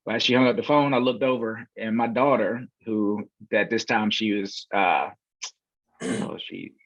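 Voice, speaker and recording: Speaking at a moderate pace in a fairly low voice, with no echo and dull, dry lo-fi sound, the real estate investor keeps up a relaxed podcast story. It's filled with fillers and acted-out quotes.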